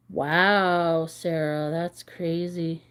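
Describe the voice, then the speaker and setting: Woman host, unhurried casual livestream chat, candid and rambling, reads viewer comments aloud. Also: on the low side, fairly even intonation, fairly bright tone, clear, resonant tone.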